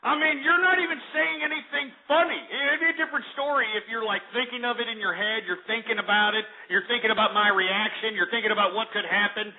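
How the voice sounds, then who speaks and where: A man hosting a call-in radio show who rants and yells insults at callers in a crude shock-jock style. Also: sits high, steady tone, fast, few pauses. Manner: abrasive, yelling insults at callers. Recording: tinny phone-quality audio.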